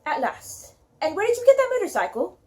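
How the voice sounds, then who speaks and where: A woman reading aloud and voicing a wise, calm, elderly male wizard with an attempted British accent, measured and gently wry. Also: very high-pitched, voice pushed up. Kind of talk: audiobook reading.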